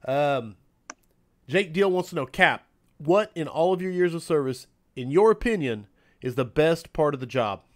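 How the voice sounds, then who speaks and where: A man's voice: on the high side, animated, normal speed. Man hosting, reading viewer questions. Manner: short enthusiastic reactions, reads out audience questions. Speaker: host. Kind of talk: casual podcast chat.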